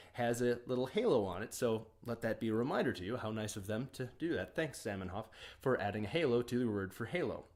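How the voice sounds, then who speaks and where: A man at a middle pitch explains words in a casual video lesson. He talks plainly and clearly, with playful, wry asides. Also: a little mellow. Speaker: language teacher.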